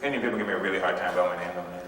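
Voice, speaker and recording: A man's voice: sits low, fairly even intonation, racing, a bit bright. A man from Canada doing stand-up comedy on stage in a hall, brash and self-mocking, slipping in and out of impressions. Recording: echoey hall from far off, noisy old tape.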